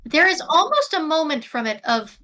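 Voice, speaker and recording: A woman's voice: high voice, sing-song, moderate pace, bright, forceful tone. A woman narrating a tabletop game as game master over a video call, descriptive and prone to self-corrections.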